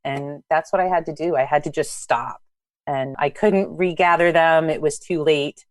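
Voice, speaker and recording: A woman in her thirties recounts teaching mishaps with lively energy. Her voice sits on the lower side, recorded dry and close. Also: normal speed, no room sound. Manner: animated, acts out past dialogue. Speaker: biology instructor, guest. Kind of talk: storytelling in conversation.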